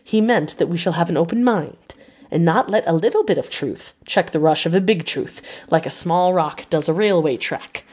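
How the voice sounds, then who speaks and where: An elderly Dutch professor, put on by a woman reading an audiobook, grave and earnest, lecturing in stiff, broken formal phrasing. The voice sits a little low and weighty. He pleads and explains with slow solemnity. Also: a little mellow, husky.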